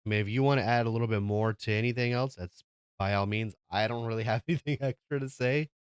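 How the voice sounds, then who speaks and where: A man's voice: medium pitch, fast talker, clear, resonant tone, no room sound, clean studio sound. A man co-hosting a podcast in casual chat, easygoing and laid-back. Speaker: podcast co-host.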